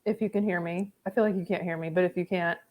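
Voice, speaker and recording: A woman's voice: fairly low pitch, fairly even intonation, fast, a little mellow. A young woman chatting casually on a podcast as guest co-host, giggly and eager to share trivia.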